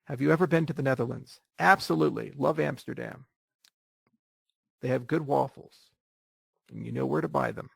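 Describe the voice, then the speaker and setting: Blunt, joking male host with a gravelly, husky voice. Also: medium pitch, normal speed, long pauses, no echo, clean studio sound. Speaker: host answering viewer questions. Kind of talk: casual livestream Q&A.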